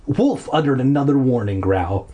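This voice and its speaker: Lively read-aloud narrator, husky, sarcastic asides. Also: mid-range voice, moderate pace, lo-fi sound. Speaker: reader. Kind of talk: reading a children's horror book aloud with jokey asides.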